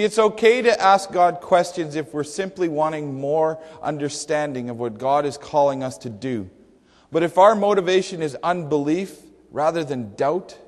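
Male pastor, sermon, high voice, emphatic with rhetorical questions, long hall reverb.

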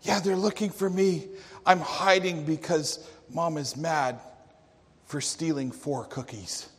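A man voicing a timid four-year-old boy with a small, soft, hushed voice. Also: fairly high pitch, takes it slowly, in a large hall.

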